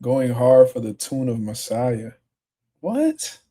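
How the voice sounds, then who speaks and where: Young man, livestream host, casual chat, profane, mellow dark voice. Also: a little high, normal speed. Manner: profane, laid-back, heated when arguing with commenters.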